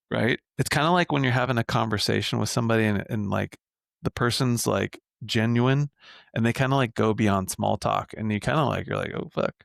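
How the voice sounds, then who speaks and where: A man's voice: fairly low pitch, a little fast, vocal fry, dry recording, clean studio sound. A man working as a men's coach, talking casually in a podcast interview and tagging his points with "right?" and the odd swear word. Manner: conversational, frequent "right?" tags.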